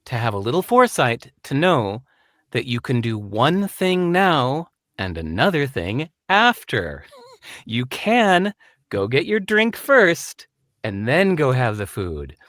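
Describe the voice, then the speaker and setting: A man speaks as an interview guest and tells anecdotes with lots of energy. His pitch rises and falls freely as he acts out other voices. The recording is dry and close. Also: dry recording. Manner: animated storyteller who acts out voices. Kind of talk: conversational interview, storytelling.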